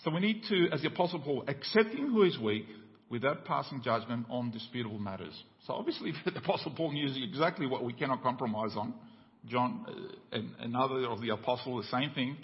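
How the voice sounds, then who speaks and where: Australian pastor preaching in a reverberant church. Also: male voice, animated, a little fast. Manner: preaching with a joke, voices climbing high in the tale. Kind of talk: sermon. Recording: dull church recording with long reverb.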